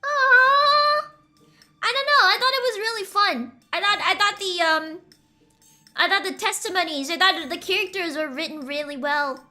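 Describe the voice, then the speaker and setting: A young woman streaming a game, chatting in a bubbly, excitable way and squealing when delighted. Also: extremely high pitch, normal speed, faint music behind. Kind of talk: casual game stream commentary.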